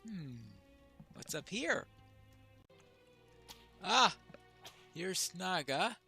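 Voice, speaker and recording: A man's voice: sits high, very animated, very slow, vocal fry, pushed and bright, faint music behind. A man giving casual let's-play commentary, chatting wryly to himself as he plays. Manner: chatty, wry asides to himself. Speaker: gamer.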